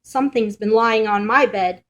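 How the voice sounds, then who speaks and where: A woman voicing an excitable small boy bear cub in a storybook read-aloud, speaking eagerly. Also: fairly high pitch, normal speed, lightly acted. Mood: excited.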